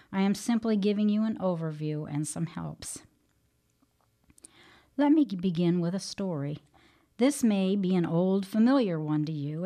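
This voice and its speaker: A woman giving a devotional radio teaching in a measured, earnest, plain-spoken way. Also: fairly low pitch, warm tone.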